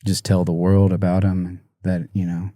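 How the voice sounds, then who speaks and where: Soft-spoken man with a low dark voice. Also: completely flat delivery, dry recording, clean studio sound. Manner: halting, soft-spoken, many fillers and restarts. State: emotional, choked up. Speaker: musician guest. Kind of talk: podcast interview.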